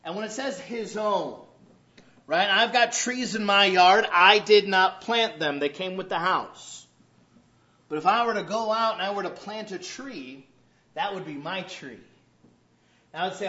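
A pastor with a high voice delivers a sermon full of humor, slipping into quoted voices to act out small scenes. The sound is roomy and a little dull and lo-fi, as if captured in a church hall. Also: male voice, animated, unhurried, pushed and bright.

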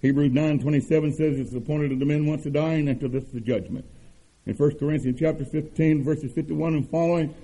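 An older man preaches a sermon in a husky, very dark voice that sits slightly higher than most men. He leans on earnest repetitions and slows down to stress his key words. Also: rough recording. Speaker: pastor.

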